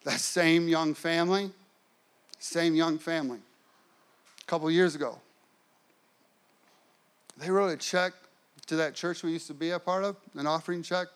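A man preaching a sermon as pastor, telling a personal story with lively acted-out quotes. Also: a little high.

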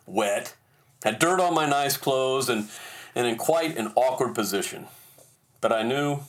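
A man hosting a podcast, telling a personal story in a self-deprecating, animated way. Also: medium pitch. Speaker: podcast host.

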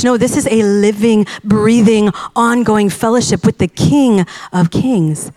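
A middle-aged woman pastor preaching a sermon, telling a story with emphatic repetitions and lively momentum. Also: fairly high pitch, measured pace, few pauses.

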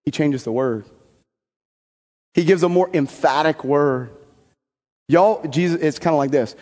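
A man preaching a homily as a priest, in a conversational and animated way with folksy asides. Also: a little high, unhurried, pauses often. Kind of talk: sermon. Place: church. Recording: long church reverb.

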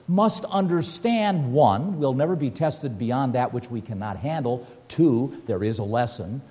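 Older male preacher, mellow tone, long hall reverb. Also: a little high. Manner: animated, folksy storytelling with scripture reading. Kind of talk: sermon. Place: church hall at a lectern.

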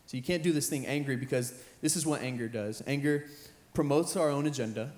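A young man, a high school pastor, preaching an earnest sermon that repeats phrases and builds in intensity. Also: a little fast, darkish tone. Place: church sanctuary with band playing behind. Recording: roomy church hall with live music.

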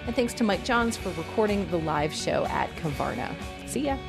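A woman's voice: medium pitch, expressive, moderate pace, vocal fry, music in the background. A woman co-hosting a podcast, wrapping up with wry, chatty remarks. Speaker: podcast co-host. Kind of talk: casual show outro.

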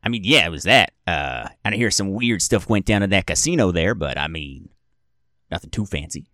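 Guy doing a low-voiced sleazy weasel doorman, friendly slang, no room echo. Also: lively intonation, a little fast, bright, forceful tone, studio quality. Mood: chummy. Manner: slangy, friendly street talk. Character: shady male weasel-man doorman, chummy. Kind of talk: tabletop role-play voice.

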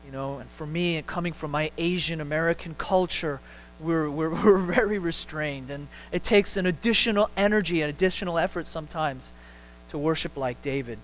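Animated pastor preaching, rising for emphasis. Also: male voice, a little high, moderate pace, a little hiss or hum, rough recording. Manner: animated, repeats words and restarts, rises sharply for emphasis. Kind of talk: sermon. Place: church sanctuary.

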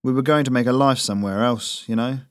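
A man doing a gravelly burly enemy sergeant. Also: mid-range voice, fast, dry recording, clean studio sound, close to an everyday voice. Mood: resigned. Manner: flat, blunt.

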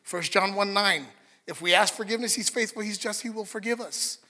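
A man's voice: sits high, brisk, bright, forceful tone. A man preaching a sermon in an earnest, conversational way, with restarts and asides to the congregation. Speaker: pastor. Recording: reverberant hall.

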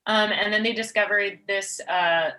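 A woman's voice: medium pitch, fairly even intonation, normal speed, pushed and bright. A woman co-hosting a casual movie review chat, chatty and retelling scenes playfully. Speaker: podcast co-host.

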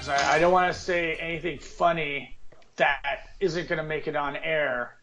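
A man's voice: fairly high pitch, steady tone, unhurried, a bit bright, soft background music. A man co-hosting a podcast, goofy and playful in casual chat. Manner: goofy, playful, jokes around. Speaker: podcast co-host.

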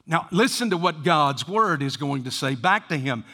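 A man preaching a sermon as pastor, rising to fervent emphasis and dropping to hushed near-whispers. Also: on the high side, expressive, moderate pace, hardly any pauses, long reverb tail.

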